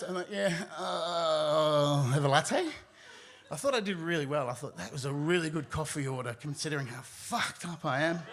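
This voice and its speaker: A man tells a story live on stage, his voice bright and ringing. He sits a little higher than most men and throws himself into his own reactions. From Australia. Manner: animated, acts out his own panicked voice.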